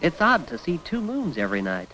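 A man's voice: a little high, wildly swooping pitch, brisk, pushed and bright, slight background noise, exaggerated voice, rough recording. An actor voicing a young, curious male Earthman assistant working on Mars in a 1960s cartoon.

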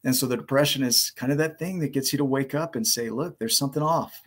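A man giving a calm, reflective motivational talk, repeating key phrases. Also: mid-range voice, fast talker. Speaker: motivational speaker and storyteller. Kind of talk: motivational talk with told story.

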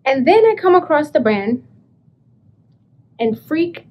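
A woman vlogging about thrift finds, chatty and animated, telling her story with excited bursts. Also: sits high, takes it slowly, dull audio. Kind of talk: casual vlog, showing thrift finds.

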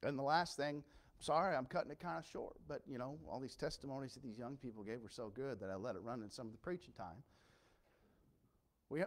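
A man preaching a sermon as pastor, passionate and earnest, dropping low and quiet then rising to loud emphatic cries. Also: a little fast.

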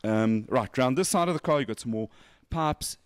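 A man's voice: medium pitch, lively intonation, normal speed. A man hosting a motorsport show, chatting casually and joking as he gushes over a race car's details. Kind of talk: casual walkaround chat.

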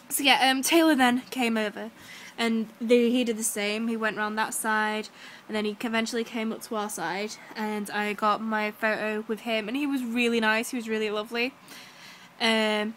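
A young woman, gushing excitedly to camera in a casual vlog, full of fillers. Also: fairly high pitch. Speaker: vlogger.

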